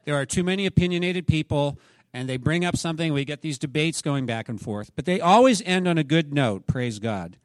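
A middle-aged man preaching a sermon as pastor, rising to emphatic peaks and then dropping soft. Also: a little high, expressive, a little fast, dry recording.

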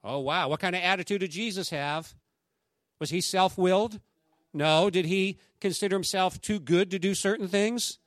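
A man preaching a sermon, speaking in a conversational, animated way and acting out quotes from the people in his stories. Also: high-pitched, normal speed, dry recording, clean studio sound. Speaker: pastor.

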